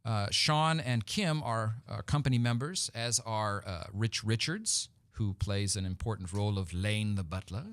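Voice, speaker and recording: A man's voice: fairly low pitch, normal speed, hardly any pauses, a bit bright. Man, radio guest, casual talk, fillers and laughs. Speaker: theater company guest. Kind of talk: casual interview chat.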